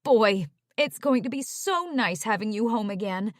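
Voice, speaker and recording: This audiobook reading has a woman playing a gushing older mother who keeps chattering and talking over others. She speaks at medium pitch with lively intonation and a natural tone, at a normal pace, in clean studio audio without echo.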